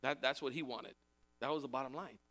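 A man's voice: medium pitch, a little fast, sharp tone. A male pastor preaching a sermon in a conversational way, repeating key phrases for emphasis.

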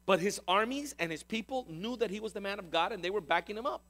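High-voiced man preaching. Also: fast, bright, forceful tone. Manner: storytelling, emphatic. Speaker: pastor. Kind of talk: sermon.

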